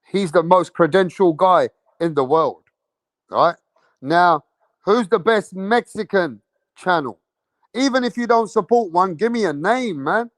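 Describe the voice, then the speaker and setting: A man's voice: high voice, dry recording, clean studio sound. A man with a London accent hosting a boxing livestream, brash and slangy, swearing and repeating himself as he calls out questions to his chat. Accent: London English. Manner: calls out to chat and waits for answers. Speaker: boxing channel host.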